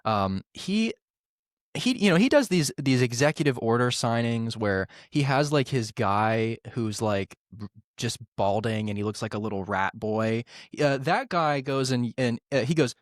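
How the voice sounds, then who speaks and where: A man's voice: mid-range voice, animated, a little slow, no room sound, clean studio sound. A man co-hosting a political commentary show, exasperated and mocking, swearing casually.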